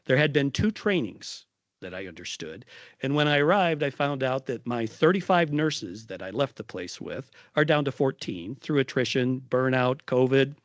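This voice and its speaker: A middle-aged man, a nurse leader, giving a conference talk and telling a story in an animated way, with quoted voices acted out. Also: mid-range voice, moderate pace, no room sound.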